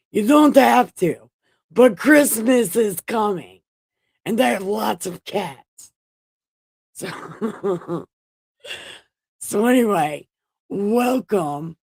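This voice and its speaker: A woman's voice: on the low side, gravelly, darkish tone, dry recording. A woman hosting a casual livestream Bible reading from home, joking, swearing and playfully boastful. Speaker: host reading the Bible aloud.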